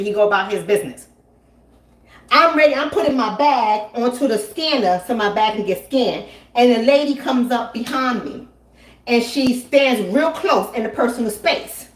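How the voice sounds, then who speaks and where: A high-pitched woman hosting a live stream, telling a story with emphatic repetition and answering her chat. She sounds animated and insistent. Her voice rings in an echoey room. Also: normal speed. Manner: emphatic, animated, repeats lines for effect. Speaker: relationship coach and channel host.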